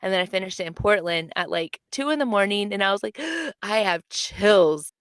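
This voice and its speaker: A young adult woman co-hosting a casual book podcast, telling stories with lively acted-out quotes. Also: fairly quick, dry recording. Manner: animated storytelling, acts out quotes with big pitch jumps. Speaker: podcast co-host. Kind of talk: casual chat.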